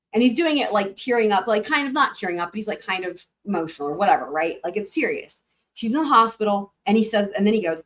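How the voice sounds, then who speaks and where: Brief: woman streamer, mid pitch, loose rambling commentary full of "like" and "right?", addressing chat. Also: expressive, very fast. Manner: rambling, frequent fillers, talks to chat. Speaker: livestream host. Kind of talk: casual live commentary.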